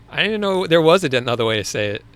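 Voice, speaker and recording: His voice sits a little high, fairly bright and smooth, with a Long Island accent. The young New Yorker hosts a casual live Q&A, chatting loosely with viewers, laughing easily and restarting often.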